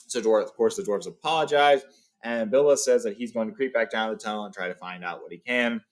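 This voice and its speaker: With a voice on the low side, a man reads briskly from a novel for a book read-along. He moves between reading and offering casual summaries sprinkled with fillers.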